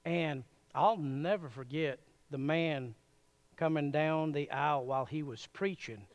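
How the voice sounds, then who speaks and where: A man preaching a sermon in a church, folksy and animated, chuckling often as he addresses the congregation. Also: on the high side, unhurried, highs cut off. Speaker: pastor.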